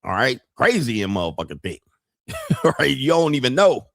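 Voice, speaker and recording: A man's voice: mid-range voice, wildly swooping pitch, normal speed, vocal fry, no room sound, studio quality. Mocking, laughing man commentator. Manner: mocking, laughing often, blunt and profane. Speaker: streamer reacting to pickup videos. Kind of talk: casual reaction commentary.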